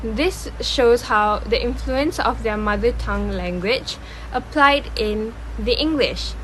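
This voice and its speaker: A woman presents a student video on pronunciation. Her voice is a bit high, and she explains carefully, sounding out single sounds. Faint noise hums under her. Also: slow, fairly bright tone, rough recording.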